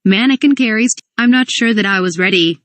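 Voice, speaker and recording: A woman's voice: mid-range voice, a little fast, a bit bright, no room sound. A woman reading a comedic parody script aloud. She reads stage directions and dialogue and spells some words out letter by letter.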